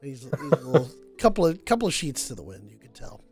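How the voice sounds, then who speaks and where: A man's voice: mid-range voice, very animated, fast talker, gravelly, soft background music. A young man narrating a tabletop game as game master in a casual way, full of fillers.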